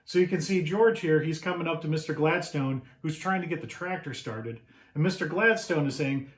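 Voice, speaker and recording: Guy reading a kids' book out loud, asks the kids stuff, slightly high voice, echoey room. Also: moderate pace. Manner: animated, asks children questions. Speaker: author reading his picture book. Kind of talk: children's read-aloud. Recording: roomy echo.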